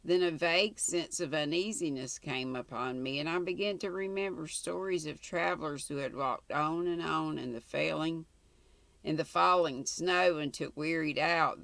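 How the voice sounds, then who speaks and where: An older woman reads a story aloud at an unhurried, careful pace. Her voice has a gravelly edge. It is recorded dry and close, with no room sound. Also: low voice, fairly bright tone, no echo. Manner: slow, measured, plain reading with small slips. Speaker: channel host, story reader.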